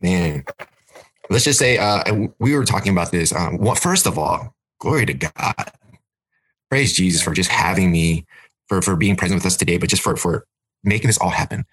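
Male guest from California; very deep, husky voice, enthusiastic testimony. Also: animated, normal speed, a bit bright. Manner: enthusiastic, hype. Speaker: podcast guest, minister. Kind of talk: casual testimony.

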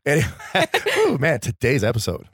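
A man co-hosting a faith podcast, animated and laughing as he retells a Bible story like a preacher. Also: mid-range voice, a little fast, breathy edge. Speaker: podcast co-host.

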